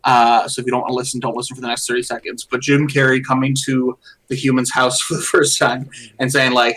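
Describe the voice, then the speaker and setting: A man's voice: mid-range voice, little pitch movement, quick pace, fairly bright tone. A man co-hosting a podcast in casual chat, rambling through movie scenes and retelling jokes. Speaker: podcast co-host. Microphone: close desk mic.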